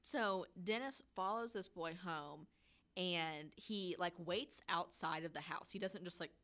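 A woman's voice: fairly low pitch, a little slow, fairly bright tone. Profane woman telling a true-crime story. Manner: profane, storytelling with acted-out quotes. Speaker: podcast co-host. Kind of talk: casual true-crime chat.

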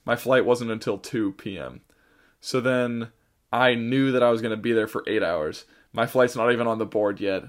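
A man's voice: medium pitch, normal speed. A man on a podcast telling a long travel story in casual chat, rambling with many fillers and restarts, sounding tired. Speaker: podcast co-host.

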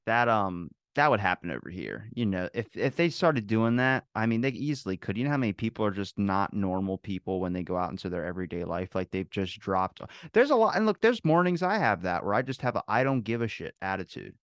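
A man talking fast in a dry, close-miked podcast setting. He rambles through everyday anecdotes, piling up fillers like "like" and "you know" as he goes. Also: fairly low pitch, very animated, no room sound. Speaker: podcast guest, food truck owner. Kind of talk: casual chat.

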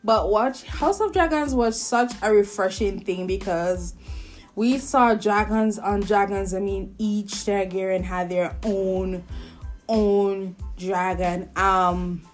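A woman's voice: medium pitch, slow pace, soft background music. A woman hosting a show. She chats casually with strong opinions and often restarts her sentences. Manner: chatty and opinionated, frequent restarts. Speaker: podcast host reviewing shows. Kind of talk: casual chat.

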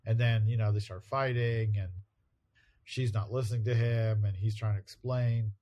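A man with a fairly low voice retells a comic book story in a relaxed, chatty way. He is a podcast co-host who now and then slips into quick character voices for quoted lines. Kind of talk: casual chat recapping a comic.

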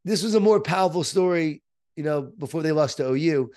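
A middle-aged man, an author being interviewed, telling stories in an energetic, emphatic motivational way. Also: fairly high pitch, a little fast. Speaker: author and guest. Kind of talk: interview, storytelling.

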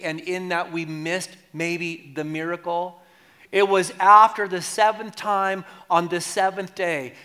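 Guy preaching, pretty high voice, earnest and repeating himself a lot. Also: fairly bright tone. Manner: earnest, repetitive exhortation. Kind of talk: sermon.

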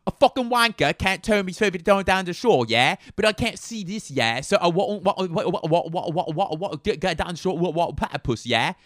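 A man's voice: high voice, lively intonation, brisk, hardly any pauses, a bit bright, no echo, clean studio sound, voice pushed up. A man voicing a rowdy young male Cockney lout who babbles and repeats himself in an exaggerated mock Cockney accent.

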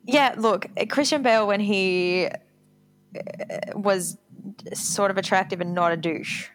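A woman co-hosting a podcast, talking in a candid, self-deprecating way. She laughs often between her lines. Her voice sits at an ordinary middle pitch. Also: takes it slowly. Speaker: podcast co-host. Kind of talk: casual chat.

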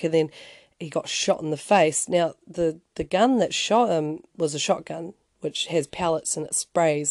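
A man hosts a casual storytelling podcast, recounting events in a loose, conversational flow full of restarts and fillers. His voice is warm and mellow, dropping in dry, wry asides. The close mic gives a dry, intimate sound with no room around it. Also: on the high side, dry recording. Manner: conversational, rambling, frequent restarts and "you know". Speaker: podcast host.

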